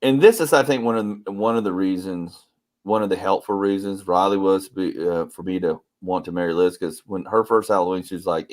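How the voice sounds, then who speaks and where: Rambling podcast host, deep voice. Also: male voice, a little fast. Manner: rambling, chatty, reads out listener comments. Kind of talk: casual chat.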